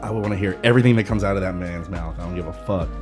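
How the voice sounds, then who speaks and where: A young man co-hosting a podcast, telling animated, profane stories in casual chat. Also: deep voice, very fast, music in the background. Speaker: podcast co-host.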